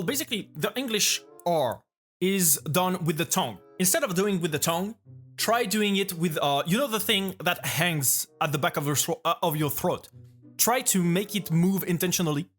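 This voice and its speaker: French-accented man reacting casually, a bit high-pitched, stops and restarts to explain. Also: lively intonation, a bit bright, soft background music. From France. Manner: halting, restarts often, explains patiently. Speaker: vtuber reacting to a video.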